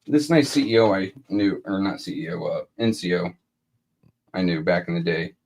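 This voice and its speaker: Husky low-voiced guy cohosting a stream, blunt, cusses constantly. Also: expressive, moderate pace, darkish tone. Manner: blunt, swears a lot. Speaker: co-host. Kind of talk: casual live-stream chat.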